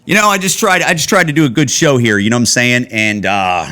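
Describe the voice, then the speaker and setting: A man's voice: medium pitch, fast talker, sharp tone. Profane ranting man in his forties. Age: 40s. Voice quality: profane, rambling, heated. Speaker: podcast host. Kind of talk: casual solo podcast rant. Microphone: home camera setup.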